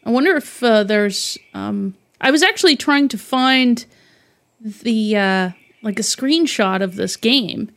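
A woman co-hosting a casual podcast, easygoing, reading passages aloud haltingly. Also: on the high side, lively intonation, fairly bright tone. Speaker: podcast co-host. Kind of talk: casual chat.

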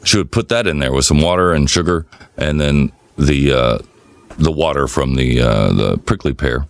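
A man with a very low voice co-hosts a casual podcast. He spins long, loose stories and swears freely. The sound is dry and close to the mic. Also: normal speed, dry recording. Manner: relaxed rambling storyteller, swears freely. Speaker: podcast co-host. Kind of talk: casual chat, storytelling.

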